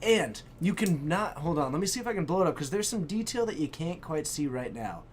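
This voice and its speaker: A man hosting a live stream, chatting with viewers in a hyped, exclamatory way and breaking into shouts. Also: a little high, sing-song, fairly quick, slight background noise. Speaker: stream host. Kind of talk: excited live-stream chat.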